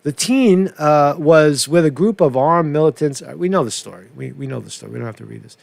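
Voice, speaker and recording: A man's voice: a little high, lively intonation, fairly quick, creaky, a little mellow, no room sound. A man hosting a casual political commentary show, rambling and profane with many restarts.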